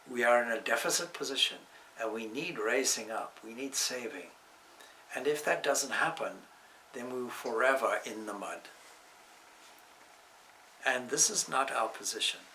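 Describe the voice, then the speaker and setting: A man giving a measured, reflective spiritual talk on scripture, with touches of gentle humor. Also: mid-range voice, far from the mic, a little hiss or hum, low-quality recording. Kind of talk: spiritual discourse.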